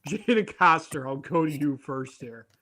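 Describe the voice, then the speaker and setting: A man's voice: fairly high pitch, animated, normal speed, bright, forceful tone, slight background noise. A young man hosting a casual sports betting show, chatty and tripping over his words. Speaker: host.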